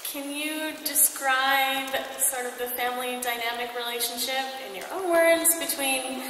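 A woman from the audience asking a panel guest a question, bubbly and quick. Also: high-pitched, fairly even intonation, bright, forceful tone, a little hiss or hum. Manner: bubbly, fast-talking. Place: large convention hall. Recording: echoey hall from far off.

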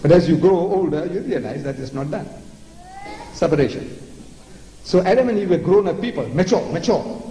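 In a big lecture hall, an older man with a South African accent mocks religion theatrically, repeating words for emphasis. His voice is high, expressive and warm, at normal speed with frequent pauses. The sound is echoey, with long reverb and faint noise.

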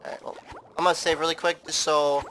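A man narrates his game playthrough in a casual, rambling way, repeating words as he goes. His voice sits a little high. Game music plays clearly behind him. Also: little pitch movement, fast, a bit bright, poor audio. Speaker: gameplay commentator. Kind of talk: casual let's play commentary.

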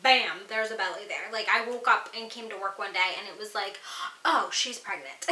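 A woman's voice: medium pitch, expressive, moderate pace, bright, forceful tone, echoey room, rough recording. A young woman in her twenties chatting casually through a pregnancy Q&A vlog, giggly and full of fillers. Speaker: vlogger.

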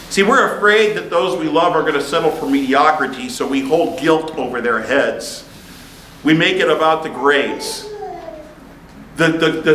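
A man preaches with animated, humorous storytelling. His voice is bright and fairly high, and it rings around an echoey room over a faint background hum. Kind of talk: sermon with personal storytelling. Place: church meeting room.

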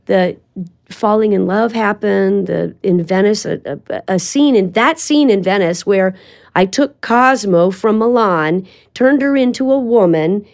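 Animated older woman telling stories. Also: medium pitch, unhurried, creaky. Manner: animated storytelling with quoted asides. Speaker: guest, voice actress. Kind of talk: casual interview chat.

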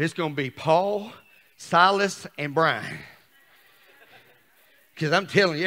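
A man in middle age preaching a sermon as pastor, shouting at times and dropping to a hush. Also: a little high. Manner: shouts and swings between loud and hushed. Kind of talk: fiery sermon. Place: church sanctuary. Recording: long church reverb.

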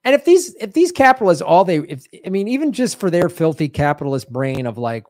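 A man in the middle of a heated political commentary, sarcastic and indignant. His voice sits at an ordinary pitch and lurches between loud jabs and low muttered asides. The sound is dry and close, with no room around it. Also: sing-song, brisk, no echo. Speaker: show host.

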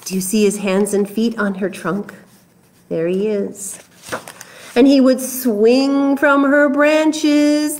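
A woman, a children's librarian, reading picture books aloud at story time in an animated, coaxing way. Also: on the high side, slow pace, a little hiss or hum.

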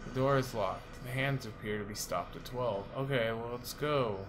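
A young man commenting on a video game as he plays, excitable and cursing, with sudden bursts of energy. His voice sits at an ordinary pitch. A steady noise hangs under the recording. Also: normal speed. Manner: excitable, swears a lot, sudden loud outbursts. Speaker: let's play host. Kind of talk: casual gameplay commentary.

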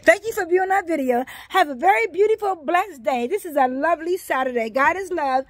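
A woman's voice: very high-pitched, lively intonation, fairly quick. Exuberant sing-song grandmother vlogging. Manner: exuberant sing-song, calls out greetings, hums and croons. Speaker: vlog host. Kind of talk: casual home vlog with grandchildren.

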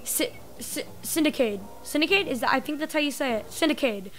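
Woman doing a gruff old mob boss. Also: sits high, lively intonation, brisk. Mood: firm. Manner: tough-guy drawl with dropped words.

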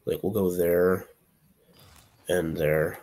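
A man's voice: low-pitched, fairly even intonation, takes it slowly, darkish tone. A young man giving casual gameplay commentary, chatty and playfully trash-talking, now and then yelping in frustration. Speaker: gaming channel host.

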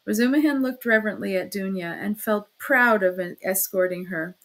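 A woman's voice: medium pitch, moderate pace, a bit bright. Woman narrating a classic novel.

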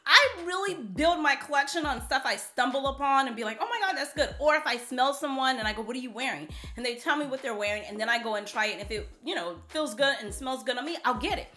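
Bright, animated woman vlogger. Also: sits high, fast talker, hardly any pauses, soft background music. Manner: animated, playful, chatty with repetition. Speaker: beauty vlogger reviewing perfumes. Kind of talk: casual chat to camera.

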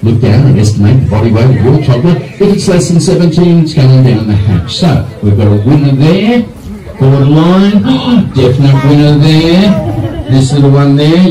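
Aussie reptile keeper guy doing a live show, dry jokes, lively ups n downs, mellow tone, far off w faint music. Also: fairly high pitch, roomy sound. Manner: jokey, dry humour. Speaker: reptile park keeper presenting animals. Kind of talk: live animal presentation.

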